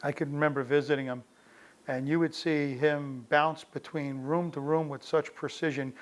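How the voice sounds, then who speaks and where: A man's voice: a little high, steady tone, normal speed. Man telling family stories, casual and anecdotal. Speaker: interviewee recalling his father. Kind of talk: personal storytelling.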